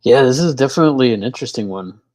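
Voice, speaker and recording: A man's voice: mid-range voice, lively intonation, racing, a little mellow. A man, a guest on a casual film commentary, talking hesitantly with many fillers.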